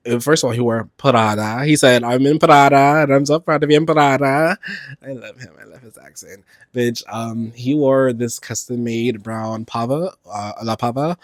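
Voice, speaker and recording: Brief: young man, sassy campy solo podcast host, middle-pitched, dead-dry close mic. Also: dry recording. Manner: sassy, campy and expressive, swings into high exclamations. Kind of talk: casual solo podcast chat.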